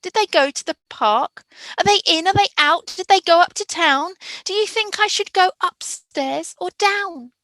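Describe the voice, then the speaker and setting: A woman voicing a small lost child who speaks in a high, plaintive voice. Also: normal speed, no room sound. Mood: scared. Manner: high, plaintive, fading to quiet.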